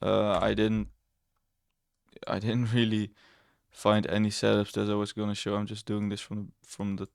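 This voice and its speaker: A man's voice: on the low side, completely flat delivery, normal speed, creaky, a little mellow, clean tone, no echo, clean studio sound. A young man casually walking through his trades on screen, rambling and correcting himself, blunt and a bit sarcastic. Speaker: trading educator. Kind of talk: casual screen-share trading walkthrough.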